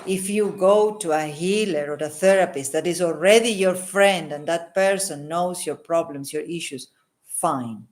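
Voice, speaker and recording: In a lowish, slightly mellow voice, a woman talks at a moderate pace with few pauses. A holistic healer and psychic, she delivers an earnest advice monologue to camera off the cuff, repeating herself for emphasis and adding "hmm?" after each point as if asking.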